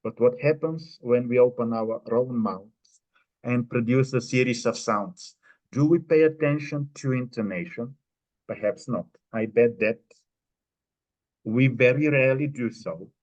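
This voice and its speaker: A man presenting at a conference, answering an audience question in a measured, explanatory way with many pauses. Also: mid-range voice, a little mellow. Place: conference room. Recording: dull lo-fi recording.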